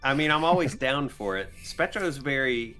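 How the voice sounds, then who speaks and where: Chill guy player talking about his character, normal pitch, bit of music. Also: expressive, normal speed, pushed and bright. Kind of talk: casual chat at a tabletop game.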